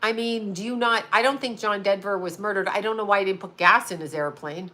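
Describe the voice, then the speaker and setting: A woman's voice: mid-range voice, brisk, pushed and bright. A woman in her fifties, a psychic who hosts her own channel, talking casually and bluntly with lots of swearing and laughter. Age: 50s. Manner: blunt and profane, laughing often. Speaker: psychic medium and astrologer. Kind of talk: casual livestream chat.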